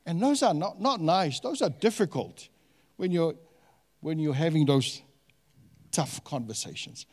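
A man preaching a sermon as a pastor, animated and questioning his congregation, with many fillers and restarts. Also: fairly high pitch, unhurried, in a large hall.

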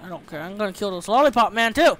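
A young man giving excitable, sweary commentary over his own gameplay, often shouting when startled. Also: high-pitched, fast talker. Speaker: let's play host.

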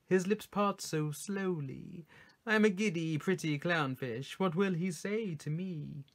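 A man voicing a giddy, vain little clownfish in a bright, lilting voice. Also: sits high, a little slow, pitched above the performer's own voice.

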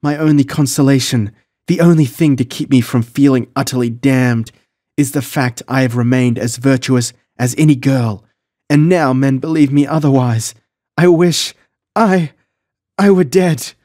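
A man's voice: on the low side, a little slow, darkish tone, breathy edge, dry recording, studio quality. A man voicing a fiery young female pirate captain with proud, archaic speech, in an audiobook. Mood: sobbing.

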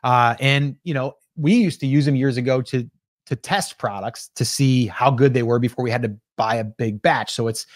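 A man's voice: mid-range voice, moderate pace, dry recording, studio quality. A man co-hosting a casual discussion, thinking aloud with hesitations and restarts. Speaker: podcast co-host.

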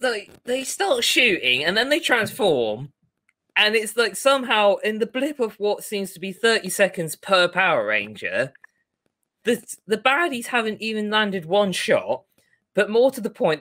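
A man co-hosting a casual podcast chat, animated and quick to act out scenes he retells. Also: high-pitched. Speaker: podcast co-host.

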